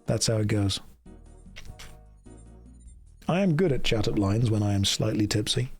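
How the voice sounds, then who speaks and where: A man's voice: on the low side, lively intonation, measured pace, pauses often, husky. Man, game streamer, casual jokey rambling, reads game text aloud, faint music behind. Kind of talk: casual gameplay livestream chat.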